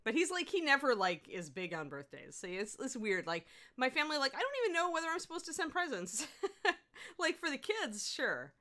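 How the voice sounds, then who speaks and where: A woman's voice: sing-song, brisk, few pauses, sharp tone. A woman hosting a casual livestream, chatty and giggly, rambling about her week. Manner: chatty, giggly, talks to her dog in high baby voice. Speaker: host.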